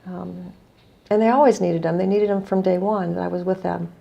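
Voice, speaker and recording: A woman's voice: lowish voice, fairly even intonation, moderate pace, vocal fry, muffled recording. A middle-aged woman from the United States, an earnest guest telling a story in conversation and quoting others as she goes. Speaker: guest, non-profit executive director.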